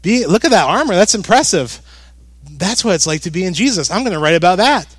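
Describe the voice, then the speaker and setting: An excited jailed apostle bursts out in a raised, higher voice, eager and exclaiming as a preaching man puts him on. The sound is close and dry. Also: a little fast, slightly rough, dry recording.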